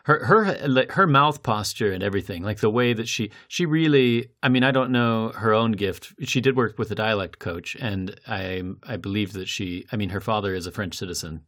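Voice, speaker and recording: A man hosting a podcast in casual chat, thoughtful and measured, laughing between points. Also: fairly low pitch, fairly bright tone. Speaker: podcast host.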